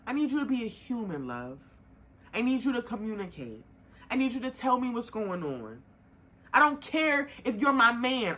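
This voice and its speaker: A young woman hosting a podcast, talking bluntly and emphatically in a casual monologue, swearing freely and rising in heat before calming herself. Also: on the high side. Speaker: podcast host.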